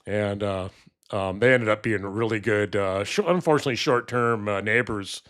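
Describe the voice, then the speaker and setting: A man's voice: lowish voice, normal speed, fairly bright tone. A man talking casually on his own, telling a story and then giving political commentary, with many fillers and restarts. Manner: rambling, many fillers and restarts, acts out quoted voices.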